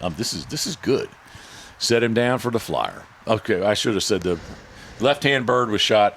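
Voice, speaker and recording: A man's voice: fairly low pitch, moderate pace, vocal fry, a little hiss or hum. A man hosting a casual podcast, telling a story with lots of repeats and restarts and acting out what others said. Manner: animated storyteller, repeats words, frequent restarts; acts out other people's lines in hushed or shifted tones. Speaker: podcast host and dog handler.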